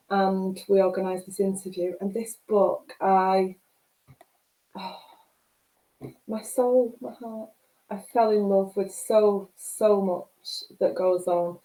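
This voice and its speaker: Mancunian woman, book club host; emotional, rambling, mellow tone, echoey room. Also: mid-range voice. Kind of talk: casual video chat. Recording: roomy echo.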